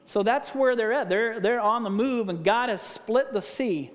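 A male pastor delivers a sermon in a high, light voice, weaving stories together with rhetorical questions to the congregation. His voice rings out with the long reverb of a large hall. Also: moderate pace.

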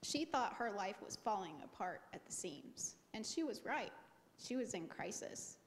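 A middle-aged woman giving a personal testimony to a congregation with lively, expressive storytelling. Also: medium pitch, unhurried. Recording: long reverb of a large hall.

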